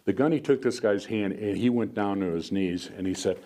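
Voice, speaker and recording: An older man with a lowish voice tells stories to a room, wandering through his sentences with fillers and restarts. A faint hiss sits under the recording. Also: brisk, warm tone. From United States. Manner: rambling, frequent restarts and fillers. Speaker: guest speaker, veteran. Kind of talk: storytelling talk to an audience. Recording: faint background noise.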